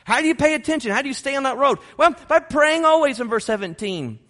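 A male preacher with a high voice delivers an emphatic sermon, driving his points home through repetition. His words ring out in a church sanctuary with a long, lingering reverb. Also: expressive, fast, fairly bright tone. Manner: emphatic, repeats key phrases. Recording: long reverb of a large hall.

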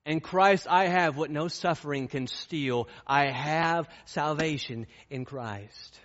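A man's voice: on the high side, slow, fairly bright tone, big-room sound, dull audio. A man preaching a sermon, storytelling and then pressing his points with fervent, rising intensity. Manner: impassioned, rising to fervent peaks.

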